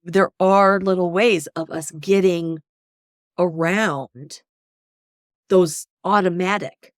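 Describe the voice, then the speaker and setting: A woman working as a hypnosis coach, speaking in an animated, conversational way and often checking in with "right?". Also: lowish voice, slow, no room sound, studio quality. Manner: animated, often tags "right?", acts out inner voices. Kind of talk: conversational interview.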